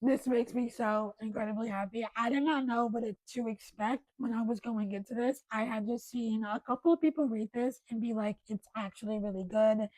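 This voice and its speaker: A young woman chatting casually on her book vlog, gushing and excitable with bursts of loud enthusiasm. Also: a little high, a little fast, few pauses, no echo, rough recording. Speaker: book vlogger. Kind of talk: casual chat.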